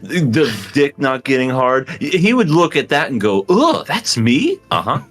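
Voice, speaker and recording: A man co-hosting a casual podcast, telling crude, drawn-out stories and laughing often. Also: medium pitch, sing-song, fairly bright tone. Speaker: podcast co-host.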